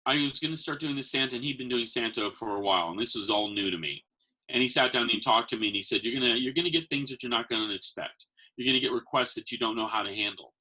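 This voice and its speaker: A man, a magician who works as Santa, telling stories in a casual chat and acting out the voices of the people in them. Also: fast. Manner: animated, acts out quotes with big pitch jumps. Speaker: podcast guest, magician and Santa performer. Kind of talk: casual storytelling.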